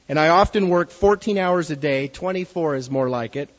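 A man with a fairly high voice delivers an earnest sermon and reads a story aloud to his congregation. The recording is dull and muffled, and long reverb trails off each phrase as if from a big hall. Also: normal speed, few pauses. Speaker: preacher.

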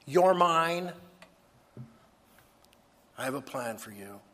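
God as a tender, reassuring divine voice, as a man puts him on mid-sermon. The tone is husky and a little breathy, and it rings out with the long tail of a large hall. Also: fairly high pitch, expressive, takes it slowly, a bit bright, exaggerated voice. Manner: intimate, reassuring.

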